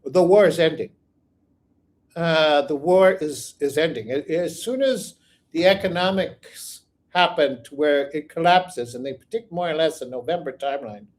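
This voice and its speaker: A man's voice: fairly high pitch, measured pace, long pauses. A man hosting a psychic channel, reading out viewer questions and answering them in a rambling, think-aloud way. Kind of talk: live viewer Q&A.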